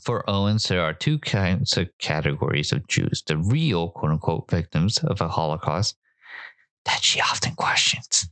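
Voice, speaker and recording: Male podcast host with a low register and a dry, close sound, riffing sarcastically while reacting to clips. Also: expressive, normal speed, fairly bright tone, no room sound. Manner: sarcastic, joking asides. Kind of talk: casual commentary reacting to clips.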